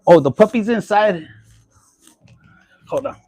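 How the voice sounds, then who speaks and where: Foul-mouthed, high-voiced man reading tarot. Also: animated, a little slow, warm tone, dry recording. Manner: profane, blunt and chatty, mixing in Spanish phrases. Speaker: tarot reader. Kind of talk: casual tarot reading vlog.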